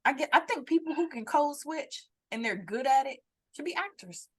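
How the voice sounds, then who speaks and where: Laughing, animated woman podcaster on a call. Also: sits high, moderate pace. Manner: animated, laughing, slips into playful put-on voices. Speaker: podcast co-host. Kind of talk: casual chat. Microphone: video call.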